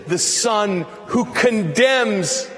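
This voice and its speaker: A man preaching a sermon in a church, slow and emphatic, building at times to near-shouts. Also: high voice, lively intonation. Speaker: priest. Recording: long reverb of a church hall.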